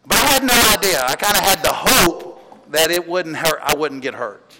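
A pastor preaching a sermon in a church, talking in a chatty storytelling way, with restarts and laughs. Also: male voice, on the high side, animated, moderate pace. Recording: long hall reverb, loud background noise.

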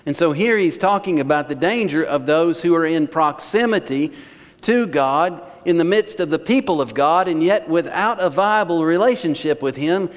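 A man's voice: on the high side, expressive, moderate pace. A male pastor preaching a sermon in a conversational, storytelling manner, recorded in a church sanctuary. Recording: long church reverb.

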